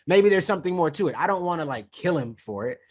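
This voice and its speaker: A man co-hosting a podcast in casual chat, animated and hedging. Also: fairly high pitch, quick pace. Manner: animated, hedging, talks over others. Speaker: podcast co-host.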